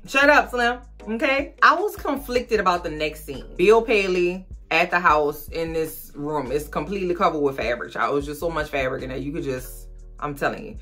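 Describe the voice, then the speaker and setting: A woman chatting casually as she recaps a TV episode, sassy and animated, with quick asides to her viewers. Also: deep voice, soft background music. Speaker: recap vlogger.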